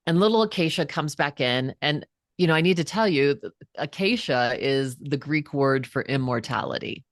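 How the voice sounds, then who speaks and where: A woman's voice: low-pitched, normal speed, no echo, clean studio sound. A woman in her fifties, a psychotherapist and author, telling earnest personal stories as a guest in a casual interview. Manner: earnest, animated storyteller.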